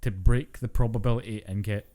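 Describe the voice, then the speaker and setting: A young man co-hosting a podcast in casual chat, explaining game details quickly and eagerly. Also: lowish voice, fairly even intonation, warm tone. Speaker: podcast co-host.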